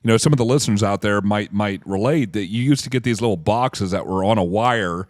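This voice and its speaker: Low-voiced rambling man co-hosting a podcast. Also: a little fast, no echo, clean studio sound. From United States. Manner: rambling storyteller, laughs at himself. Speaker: podcast co-host. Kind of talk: casual podcast chat.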